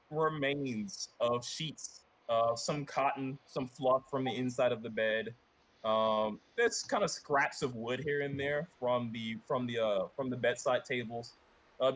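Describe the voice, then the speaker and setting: A man narrates a tabletop game as game master, pausing often on ums and kindas while he describes the scene. His voice sits at an ordinary pitch for a man. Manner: hesitant, many ums and kindas.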